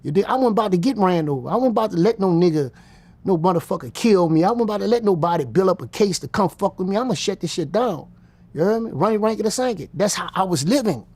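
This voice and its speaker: A man's voice: high voice, lively intonation, quick pace, a little mellow. A man, telling his story bluntly and profanely as an interview guest. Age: 50s. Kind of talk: casual storytelling.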